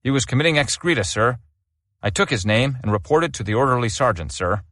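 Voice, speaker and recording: A man's voice: medium pitch, expressive, fairly quick, a bit bright, no room sound, studio quality. A man voicing an army corporal who gives a plain, formal report in an audiobook.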